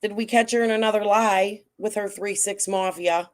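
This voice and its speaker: A woman's voice: medium pitch, steady tone, normal speed. A woman hosting a casual livestream, chatting bluntly and cussing freely with her viewers. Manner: blunt, profane, talks straight to chat. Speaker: livestream host.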